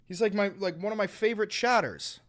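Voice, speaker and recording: A man's voice: high voice, fairly quick. A man streaming live, ranting at his chat in an exasperated, heavily profane way. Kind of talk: live-stream reaction talk.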